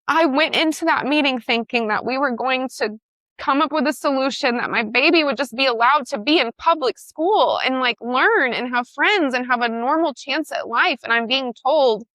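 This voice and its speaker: Emphatic woman with a bright voice. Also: high-pitched, dry recording. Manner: emphatic, emotional, blunt with swearing. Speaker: guest. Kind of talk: personal storytelling in conversation.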